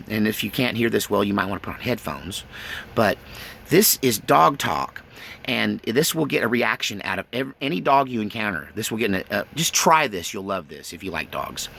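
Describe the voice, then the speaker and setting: Middle-aged male vlogger, gravelly, casual and rambling. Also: lowish voice, very animated, normal speed, a bit bright, slight background noise. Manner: rambling, folksy, with many fillers. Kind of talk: casual chat to camera.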